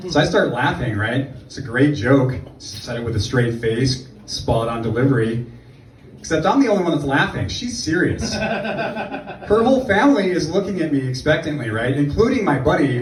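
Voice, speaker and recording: A man's voice: a little high, lively intonation, normal speed, slight background noise. Man doing sarcastic stand-up, echoey club. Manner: sarcastic, rambling storytelling with asides. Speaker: stand-up comedian. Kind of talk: stand-up comedy set. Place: comedy club stage. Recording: echoey club room from far off. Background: audience laughter.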